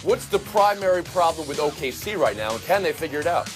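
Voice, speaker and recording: A man's voice: a little high, lively intonation. A man hosting a sports panel debate, moderating and teasing the panelists in a wry way. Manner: wry, quick to tease panelists. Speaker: sports debate show host. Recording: studio audio with theme music behind.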